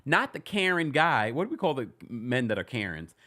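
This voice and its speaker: A man hosting a casual reality TV recap, chatty and animated, with sudden high-pitched exclamations. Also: moderate pace. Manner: chatty, many restarts while retelling scenes.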